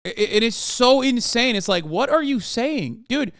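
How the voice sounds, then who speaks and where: Streamer, man, 30s, high clear voice, profane exasperated rant, dry close sound. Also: lively intonation, normal speed, fairly bright tone, no room sound. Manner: exasperated, profane, emphatic, repeats "okay?". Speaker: streamer reacting to posts. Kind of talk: casual livestream rant.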